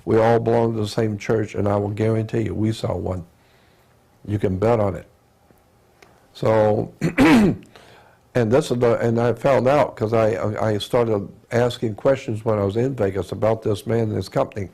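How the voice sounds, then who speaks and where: A man's voice: on the low side, dark tone. A man retelling another man's account in a rambling way, often restarting with "he said" and correcting himself mid-phrase. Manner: repetitive, keeps restarting with "he said"; halting, with self-corrections and throat clearing. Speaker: speaker retelling an eyewitness account. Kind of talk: rambling spoken storytelling.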